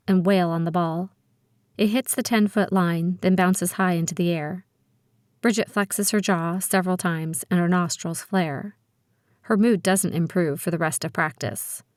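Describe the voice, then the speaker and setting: A woman reading a teen spy thriller audiobook aloud in the first person, with brisk, expressive storytelling. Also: fairly low pitch, no room sound, clean studio sound. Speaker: audiobook narrator. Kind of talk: first-person scripted narration.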